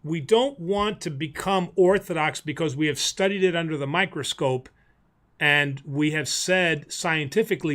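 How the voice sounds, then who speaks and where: A man, a priest, hosting a live-stream Q&A, talking in an animated, preachy way with self-mocking humor. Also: fairly high pitch, normal speed. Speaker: priest host answering viewer questions.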